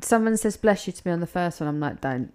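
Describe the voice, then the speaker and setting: A woman's voice: lowish voice, fast, darkish tone, clean tone. A young woman co-hosting a podcast, chatty and playful as she explains trivia in casual chat. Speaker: podcast co-host.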